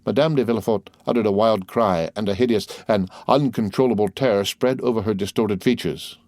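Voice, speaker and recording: A man narrates a classic novel as an audiobook, measured and dramatic. His voice is on the low side and the recording is dry and close, with no room sound. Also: darkish tone, dry recording.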